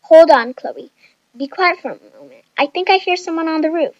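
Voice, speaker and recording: Brief: woman voicing a calm but bossy young woman in charge, high-pitched. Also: normal speed, dry recording, lo-fi sound. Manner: bossy, impatient.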